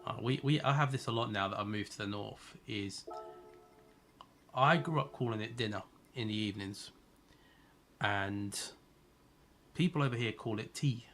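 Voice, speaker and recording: A man's voice: on the low side, moderate pace, long pauses, a bit bright, soft background music. Chatty man streaming a racing game. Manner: chatty, reads and answers chat, teasing. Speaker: gaming streamer. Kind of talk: casual live-stream chat while racing.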